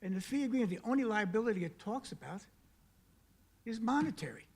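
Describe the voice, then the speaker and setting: A man's voice: sits high, lively intonation, fairly quick, vocal fry. A man speaking at a county council meeting, making an emphatic public comment full of pointed questions and repeated key words. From South Carolina. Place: council chamber.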